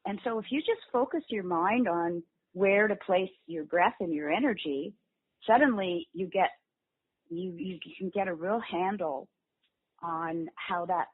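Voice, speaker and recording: Lively voice actress on a tinny line. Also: female voice, on the low side, husky. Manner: animated, illustrates points with demo voices. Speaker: voice actress guest. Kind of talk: interview, explaining voice technique. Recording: phone-like lo-fi call audio.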